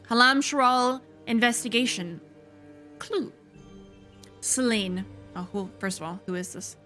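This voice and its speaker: A woman hosting a gaming video, giving casual let's play commentary with quick, excitable exclamations. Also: medium pitch.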